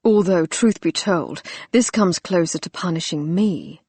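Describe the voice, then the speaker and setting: A woman voicing a wounded young husband in an audiobook, speaking in a lowered, gruff, wry manner. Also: a little slow, darkish tone, no echo.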